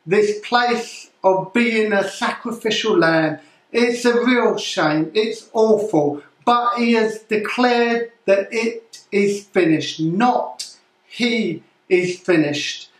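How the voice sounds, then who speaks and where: A male pastor preaches a sermon staged as a live news report, speaking gravely with halting restarts. His voice sits high for a man and moves at a slow, deliberate pace. The sound carries a noticeable room echo.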